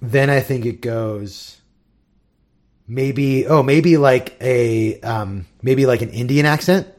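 A man co-hosting a podcast in easygoing chat. His voice sits at an ordinary middle pitch. He repeats words while he thinks and breaks into laughs as he talks. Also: slow pace, a little mellow. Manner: rambling, laughs often, repeats himself. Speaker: podcast co-host. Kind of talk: casual chat.

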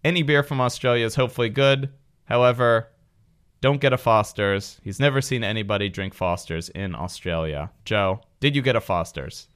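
A man's voice: mid-range voice, normal speed, fairly bright tone, smooth. A man hosting a podcast, chatting jokingly and then reading facts aloud in long runs. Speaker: podcast host. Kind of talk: casual chat with read-aloud facts.

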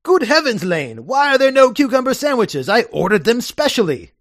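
A man voicing a fussy, flustered young English gentleman in a raised, squeaky voice, reading a play aloud. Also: sing-song, moderate pace, no echo, studio quality, exaggerated voice.

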